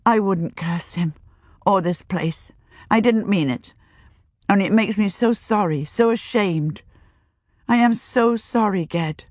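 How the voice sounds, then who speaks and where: A woman's voice: fairly low pitch, a little slow, dry recording, studio quality, close to an everyday voice. A woman reading the part of a fierce, proud middle-aged farm woman who speaks sharply and demandingly. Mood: fierce, earnest.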